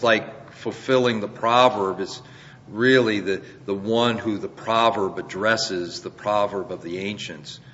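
A man's voice: medium pitch, sharp tone. A man teaching scripture verse by verse in a sermon, explaining earnestly and with emphasis, posing rhetorical questions. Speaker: preacher. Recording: dull lo-fi recording in a reverberant hall.

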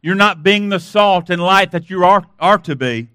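A man's voice: high-pitched, moderate pace, fairly bright tone, smooth, no room sound, clean studio sound. A man preaching a sermon as pastor, emphatic, asking rhetorical questions and repeatedly urging listeners to listen.

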